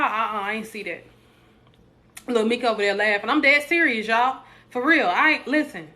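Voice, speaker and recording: A woman's voice: fairly high pitch, fairly quick, sharp tone. A young adult woman, hosting a casual live stream, joking with viewers and preaching encouragement.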